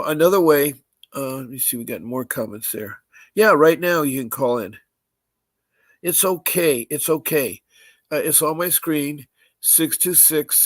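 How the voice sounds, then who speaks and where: A man with a mid-range voice hosts a live-streamed podcast, talking through announcements from what sounds like a home office. He speaks haltingly, circles back, and repeats details slowly. The sound is dry and close, with no room echo. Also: mid-range voice. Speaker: podcast host.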